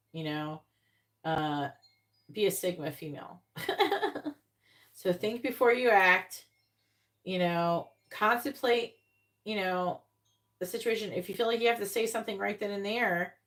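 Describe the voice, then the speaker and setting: A woman's voice: mid-range voice, measured pace, long pauses. Blunt casual woman tarot reader. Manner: blunt, casual, swears, acts out quoted voices. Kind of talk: live-stream tarot reading.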